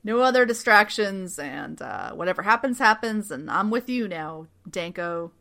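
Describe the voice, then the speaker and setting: Woman, co-host, casual recap chat, animated, quick character voices, bright tone. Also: mid-range voice, vocal fry. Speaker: podcast co-host.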